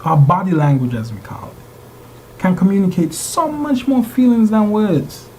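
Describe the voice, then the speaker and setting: A male instructor delivers a classroom lecture in a mellow, warm voice, turning often to his students with rhetorical questions. His speech is plain and direct, with a faint hiss of background noise behind it. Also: high voice, lively intonation, a little slow, poor audio.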